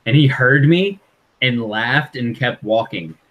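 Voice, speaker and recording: A man's voice: medium pitch, lively intonation, takes it slowly, muffled recording. A man joining a live stream as a guest, laid-back and laughing along in casual chat.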